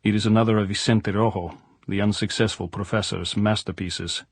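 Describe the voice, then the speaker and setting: A man's voice: fairly low pitch, fairly even intonation, fairly quick, husky, no room sound. A man voicing a blunt middle-aged general who teases dryly in stiff, formal broken English, in an audiobook. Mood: dryly teasing.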